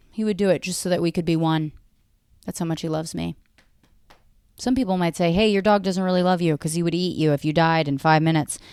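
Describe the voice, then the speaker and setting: A woman's voice: lowish voice, darkish tone, smooth, no room sound. An American woman in her thirties hosting a podcast, rambling through a casual solo monologue, self-mocking and swearing often. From United States. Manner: talks to her dog mid-show. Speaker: podcast host.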